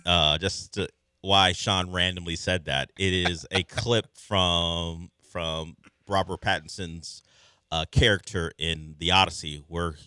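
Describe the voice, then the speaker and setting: A man with a very low voice and a forceful, bright edge co-hosts sports talk radio. He talks in an animated, rambling way, firing off questions. The studio sound is close and dry. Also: smooth, dry recording.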